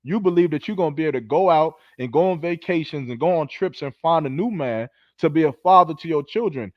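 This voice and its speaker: A man with a fairly high voice lectures his listeners, scolding and swearing as he preaches. The recording sounds dull and dry, with no room around it. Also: fast talker, no room sound. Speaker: podcast host. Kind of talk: heated commentary.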